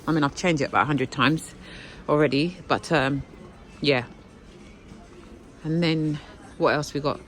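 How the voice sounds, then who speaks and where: Inside a shop, a woman vlogs casually about what she finds, talkative and exclamatory. Her voice is deep and unhurried with frequent pauses, over faint background music in a rough recording.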